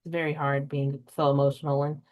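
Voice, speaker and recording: A young woman hosts a casual book podcast, chatting emotionally and telling stories with animation, her pitch leaping way up whenever she acts out her own reactions. She talks a little fast.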